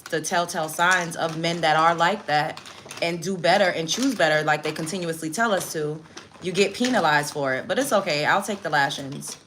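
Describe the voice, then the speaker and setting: A woman's voice: lowish voice, fairly bright tone, slight background noise. A woman hosting a livestream, reading chat comments aloud and answering them in a blunt, profane, indignant rant while doing her makeup at home. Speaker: livestream host.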